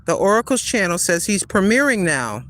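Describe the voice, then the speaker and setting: A woman's voice: mid-range voice, very animated, moderate pace, a bit bright. Rambling older woman livestreaming outdoors. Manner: chatty, rambling, laughs often. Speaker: livestream host. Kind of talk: casual walking livestream chat. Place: outdoors on a street.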